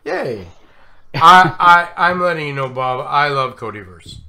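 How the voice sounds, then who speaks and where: Tipsy male stream host, slurred and giggly, slow-talking with a bright edge. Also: a little high, expressive. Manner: effusive, giggly, rambling. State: drunk, slurring. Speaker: live stream show host. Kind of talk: casual live stream chat.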